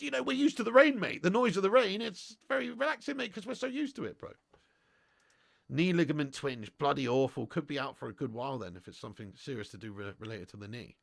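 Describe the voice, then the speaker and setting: British lad hosting a footy watch-along: high voice, gravelly, cheeky and sweary, dry close mic. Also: male voice, dry recording. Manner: sweary, excitable, chatty with viewers, laughs often. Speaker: football fan streamer hosting a watch-along. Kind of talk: live football watch-along commentary.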